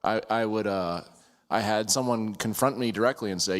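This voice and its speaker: Man, hesitant and stammering, lowish voice, echoing hall. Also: a little fast. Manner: hesitant, stammers and restarts, laughs easily. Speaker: group member sharing a story. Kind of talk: casual conversation.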